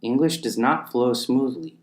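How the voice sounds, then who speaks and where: A man delivers a scripted lesson at an unhurried pace, setting phrases apart with deliberate pauses. His pitch sits in the middle range. The recording picks up a noticeable room echo. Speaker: teacher.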